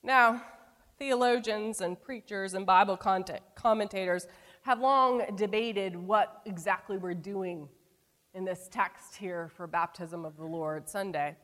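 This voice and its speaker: A woman's voice: mid-range voice, unhurried. Woman preaching in a reverberant hall. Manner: storytelling with wide swings between emphatic and hushed delivery. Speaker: pastor. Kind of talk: sermon.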